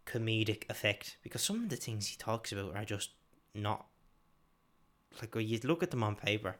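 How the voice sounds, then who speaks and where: A man's voice: fairly low pitch, lively intonation, normal speed, a bit bright. A young man, co-hosting a podcast, rambling and swearing freely in casual chat. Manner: rambling, sweary, laughs often. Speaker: podcast co-host.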